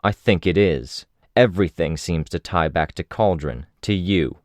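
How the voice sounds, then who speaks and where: An actor reading a hostile, metal-skinned young team leader in an audiobook, speaking in a harsh, confrontational tone. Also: male voice, sits low, measured pace, dry recording.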